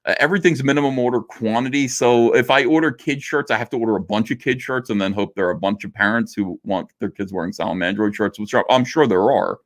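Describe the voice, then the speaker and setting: A middle-aged man hosting a laid-back livestream rattles through viewer super chats, reading them aloud and replying in a loose, jokey manner with lots of fillers. He has a medium-pitched voice and talks fast, with hardly any pauses.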